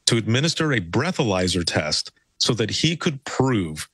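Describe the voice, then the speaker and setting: A man from Michigan with a lower voice recounts a memorable call from his years as a dispatcher. He tells it in a relaxed, anecdotal way, and his voice sounds dry and close. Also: moderate pace, husky, no echo. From Michigan, United States. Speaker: former emergency dispatcher. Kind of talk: storytelling interview.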